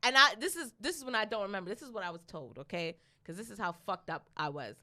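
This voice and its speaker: A young adult woman co-hosting a podcast, telling a story in a casual, animated way, with plenty of profanity and laughter. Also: medium pitch, fast. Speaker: podcast co-host.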